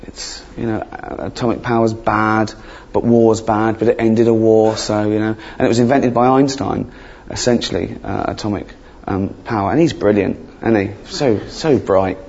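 A man doing a stand-up comedy routine, rambling and sweary, with deadpan asides that break into shrill outbursts. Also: moderate pace, gravelly, slightly rough. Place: theatre stage before a laughing crowd. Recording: dull live recording with loud audience.

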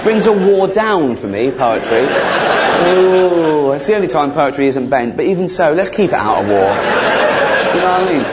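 Man, stand-up comedian, rambling, sweary, deadpan, dull live sound, noisy audience. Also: normal speed, a loud crowd. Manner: rambling, sweary, deadpan asides with sudden shrill outbursts. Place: theatre stage before a laughing crowd.

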